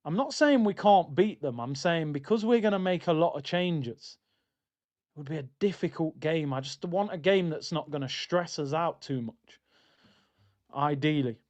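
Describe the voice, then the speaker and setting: A man hosts a football watchalong stream, chatting loosely and reading out viewer comments in a casual live-stream style. His voice is a little high, animated and darkish, at normal speed. The audio is muffled.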